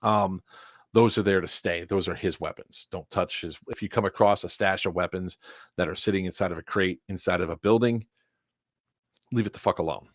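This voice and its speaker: Low-voiced man with blunt, rambling talk. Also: moderate pace, no room sound. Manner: casual, rambling, blunt and profane. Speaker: event organizer. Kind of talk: rules briefing in a livestream Q&A. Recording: dull lo-fi dry sound.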